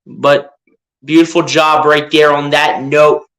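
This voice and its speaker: Young man, fan play-by-play, bright, slightly high, excitable. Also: slow. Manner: excitable, pleading with the players. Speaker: fan streaming live play-by-play. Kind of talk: casual fan play-by-play commentary.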